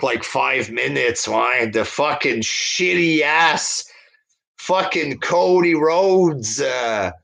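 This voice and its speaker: A man's voice: medium pitch, vocal fry, fairly bright tone, breathy edge. A man hosting a stream, reading viewer comments aloud and answering them with a crude, scornful rant. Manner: crude, scornful, fillers like "like" and "there". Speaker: host reading viewer chat. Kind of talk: profane rant reading live chat.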